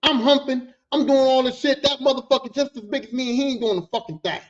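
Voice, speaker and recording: A man hosting a podcast, telling a work story in a loose, profane, animated way. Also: very high-pitched, quick pace. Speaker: podcast host and work-site boss. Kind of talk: casual storytelling. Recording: dull lo-fi audio.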